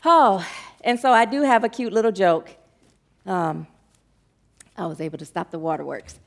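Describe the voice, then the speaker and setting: A woman minister preaching a sermon to her congregation, animated and emotional, laughing often. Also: medium pitch, moderate pace, gravelly.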